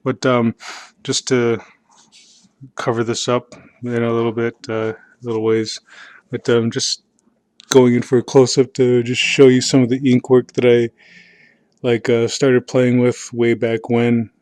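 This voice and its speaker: A man leafs through his old sketches and talks about them in a slow, unhurried drawl. His speech wanders and stalls, full of fillers and self-deprecating chuckles. The voice sits at a middle pitch and is recorded dry and close. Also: flat delivery, darkish tone, no echo. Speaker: artist showing his sketchbook. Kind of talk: casual video narration.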